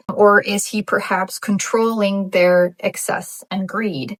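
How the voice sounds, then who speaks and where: A woman's voice: mid-range voice, fairly even intonation, takes it slowly, few pauses, no echo, rough recording. A woman vlogger reflecting on her Bible reading in casual commentary, thinking aloud with fillers and restarts. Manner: thoughtful, musing, frequent fillers and restarts.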